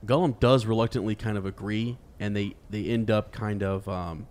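A man's voice: fairly low pitch, fairly even intonation, normal speed, a little mellow. A man in a casual book discussion who teases, laughs easily and reads passages aloud with many fillers.

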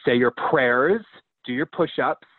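A man's voice: mid-range voice, slow, dry recording, narrow, tinny audio. A man of about thirty, a podcast guest, talking in an emotional, heartfelt way and swearing casually.

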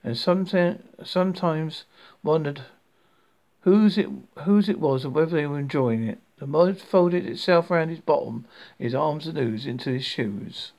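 A man reading a comic novel aloud, his slightly higher-than-average voice carrying a gravelly rasp. He reads haltingly, tripping over words and starting lines again. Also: a little mellow. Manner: halting, with frequent restarts and stumbles on words. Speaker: audiobook reader.

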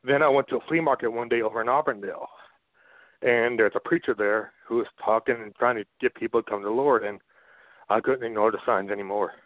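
A man giving an earnest, halting personal faith testimony as a guest on a phone-in radio interview. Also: medium pitch, no room sound. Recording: dry, narrow phone line.

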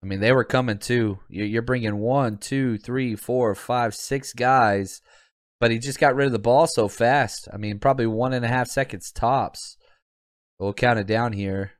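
A man's voice: mid-range voice, fairly even intonation, measured pace. A man hosting a football podcast livestream, talking casually and animatedly to his chat and laughing often. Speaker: podcast host; teacher and football coach.

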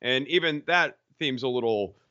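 A man's voice: medium pitch, lively intonation, moderate pace, pushed and bright, dry recording, muffled recording. A man co-hosting a podcast, giving critical, analytical takes in casual chat. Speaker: podcast co-host.

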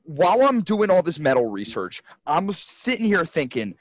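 A man talking fast and loose as a podcast co-host, excitable and quick to swear, stumbling over restarts. His voice sits at an ordinary pitch. The sound is dry and a little muffled. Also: dry recording. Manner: excitable, profane, rambling with restarts. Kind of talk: casual chat.

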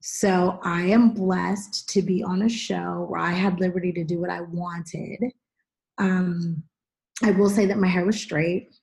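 A middle-aged woman hosting a podcast, chatting casually and telling animated stories with acted-out quotes. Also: fairly low pitch, a little slow, vocal fry. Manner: animated storyteller, acts out quotes. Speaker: podcast host. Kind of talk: casual chat.

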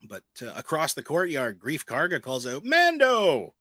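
A man co-hosting a podcast, reading a plot recap in a steady narrating tone with quick casual asides. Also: medium pitch, husky, no echo, low-quality recording. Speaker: podcast co-host recapping an episode.

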